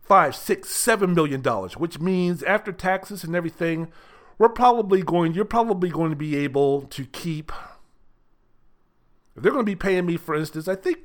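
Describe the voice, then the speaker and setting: A man's voice: sits high, normal speed. Blunt, rambling older male sports host. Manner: rambling, blunt, profane, many fillers. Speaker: sports talk show host. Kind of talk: casual solo sports commentary.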